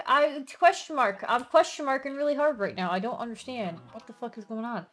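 High-pitched woman gamer, cursing at dumb cows, fed up but laughing it off. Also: brisk. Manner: exasperated, swearing at game animals. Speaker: streamer playing with friends. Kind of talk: casual gaming chat.

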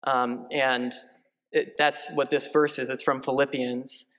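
A male parish priest giving a conversational homily, joking lightly and filling pauses with ums and uhs. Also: mid-range voice, level tone, a bit bright. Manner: chatty, joking, many fillers. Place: large church. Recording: long church reverb.

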